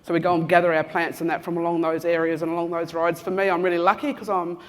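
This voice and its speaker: A woman's voice: fairly low pitch, level tone, quick pace. A woman in her fifties with an Australian accent, from Western Australia, speaking casually and jokily to a conference audience as she walks among them, teasing people and addressing them by name. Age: 50s. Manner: chatty and teasing, addresses people in the room directly, many "um"s. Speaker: conference speaker giving an Acknowledgement of Country. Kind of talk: casual, joking talk to a live audience. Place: large conference room, walking among the audience.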